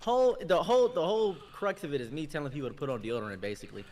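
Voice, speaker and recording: A man's voice: a little high, animated, rapid-fire, darkish tone. A man telling an anecdote in casual chat, in a laid-back, wry way.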